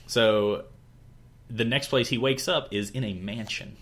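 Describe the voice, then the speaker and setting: A man's voice: medium pitch, moderate pace, a bit bright. A young man hosting a podcast, casually retelling a story with lots of fillers and rambling asides. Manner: rambling, many fillers, brief quoted character voices. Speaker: podcast host. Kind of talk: casual chat retelling an anime plot.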